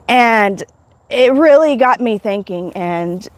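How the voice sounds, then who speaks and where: A woman's voice: on the high side, no room sound. A woman hosting a livestream, telling a spiritual testimony in an emotional, rambling way, full of restarts. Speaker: livestream host.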